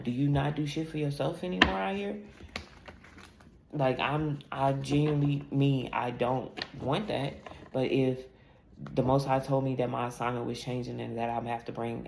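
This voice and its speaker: Woman tarot reader, gravelly and blunt, profane, in an echoey room with steady noise behind her. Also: extremely low pitch. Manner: blunt, profane, emphatic storytelling. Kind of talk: casual spiritual reading monologue.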